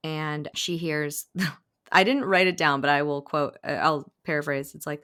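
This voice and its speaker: Brief: lower-pitched woman, animated book-recap host, acts out quotes. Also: measured pace, clean tone. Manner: animated retelling, acting out quotes, frequent laughs. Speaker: podcast host. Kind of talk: casual book-recap chat.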